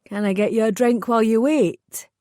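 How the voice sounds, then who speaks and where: A woman's voice: a little high, normal speed, mellow, no echo, studio quality, lightly acted. A woman narrator voicing a friendly young male fairy receptionist who speaks politely and kindly.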